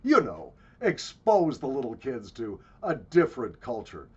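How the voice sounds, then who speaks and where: A man's voice: mid-range voice, huge pitch swings, a little slow, darkish tone, slightly rough, muffled recording, full character voice. A man putting on the voice of a smug, well-off corporate parent, snooty and self-satisfied.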